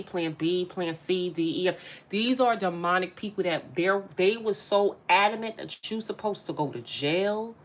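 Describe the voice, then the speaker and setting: In a mid-range voice, a tarot reader talks directly to her viewers through a casual, spiritual reading, emphatic and saying her phrases again and again.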